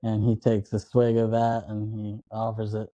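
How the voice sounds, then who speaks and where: A man's voice: lowish voice, no echo, muffled recording. A man in his thirties co-hosting a podcast, casually retelling a movie scene by scene and acting out characters' lines. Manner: animated, acts out movie lines in quick impressions. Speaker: podcast co-host. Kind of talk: casual chat recapping a movie.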